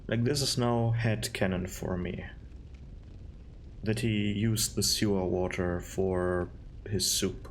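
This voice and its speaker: A man's voice: lowish voice, fairly even intonation, slow pace, slight background noise. A man giving casual, sarcastic gameplay commentary, rambling and disgusted. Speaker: gaming video host.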